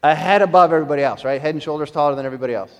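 Pastor guy preaching, kinda high voice, big hall echo, gets loud then real quiet. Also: muffled recording. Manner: animated storytelling, swings between loud emphasis and quiet, slowed lines. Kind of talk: sermon.

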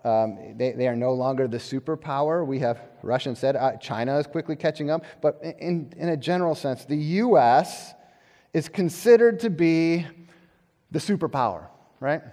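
A male pastor giving a conversational, animated sermon, often repeating words as he restarts. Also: on the high side, normal speed. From United States. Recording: long hall reverb.

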